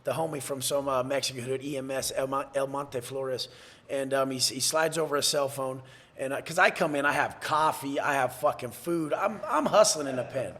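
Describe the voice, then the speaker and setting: A man's voice: medium pitch, moderate pace, fairly bright tone. A man from San Diego telling his life story bluntly as a podcast guest, cursing freely and acting out the voices of others. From San Diego, USA. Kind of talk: candid storytelling interview.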